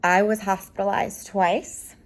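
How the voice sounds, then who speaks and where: Chatty woman in her 30s, talking to camera at home, bouncy lively pitch, rambly and heart-on-sleeve. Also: a little slow, creaky. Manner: bubbly, rambling, emotional, talks with her hands in words like "like". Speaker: home organizing vlogger. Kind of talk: personal story told to camera. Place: home room with a curtain.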